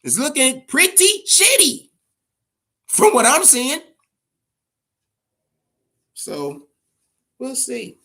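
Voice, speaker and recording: A man's voice: very high-pitched, huge pitch swings, extremely slow, pauses often, sharp tone, slightly rough. A man hosting a boxing podcast, giving casual, opinionated commentary full of swearing and repeated emphasis. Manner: profane, emphatic, repeats himself.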